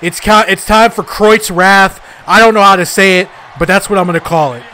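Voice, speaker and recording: A young man giving excitable, frustrated live commentary while playing a video game, trash-talking and yelling at the screen. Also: high voice, normal speed, slight background noise. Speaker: gaming YouTuber.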